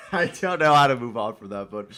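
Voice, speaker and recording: A man's voice: medium pitch, animated, moderate pace, bright, forceful tone. A young man from Minnesota co-hosting a casual talk show, rambling and swearing his way through stories. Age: young adult. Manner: rambling, profane storytelling. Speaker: co-host. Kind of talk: casual chat.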